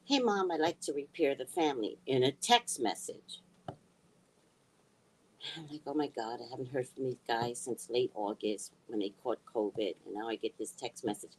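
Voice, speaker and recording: Blunt husky-voiced woman ranting. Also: a bass voice, expressive, moderate pace, poor audio. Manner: blunt, heated, swears freely, swings from hushed to shouting. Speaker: spiritual reader and vlogger. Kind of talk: casual storytelling rant.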